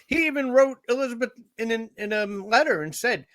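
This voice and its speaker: A man's voice: extremely high pitch, brisk, a bit bright, dry recording. A man co-hosting a casual film review podcast, blunt and swearing freely. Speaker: podcast co-host.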